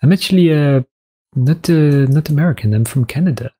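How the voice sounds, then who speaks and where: A man's voice: a little high, brisk, mellow, husky. A man putting on a polite, apologetic Canadian man who hesitates as he corrects someone.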